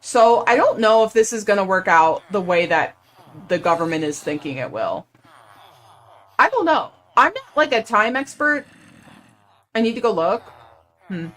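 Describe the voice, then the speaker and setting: A woman's voice: medium pitch, very animated, moderate pace, pauses often, fairly bright tone. A young woman from the United States chatting casually and playfully on a live game stream, full of "like" fillers.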